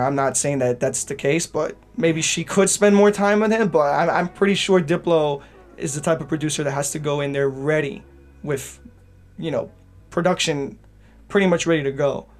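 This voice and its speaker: A man's voice: fairly high pitch, moderate pace, faint music behind. A man co-hosting a podcast, talking in a rambling casual way with lots of restarts and "right?" tags. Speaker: podcast co-host, DJ producer. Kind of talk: casual chat.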